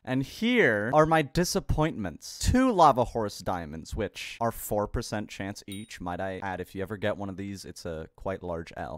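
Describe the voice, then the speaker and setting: A young man hosting a gaming video, commentating casually and bursting into loud, excited outbursts between mumbled asides. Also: medium pitch, dry recording, studio quality. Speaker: gaming channel host.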